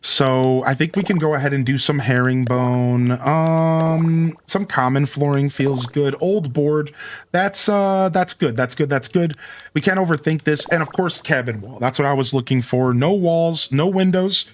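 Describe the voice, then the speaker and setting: A man's voice: fairly high pitch, measured pace. Upbeat man thinking aloud while gaming. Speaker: streamer. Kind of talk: let's play commentary.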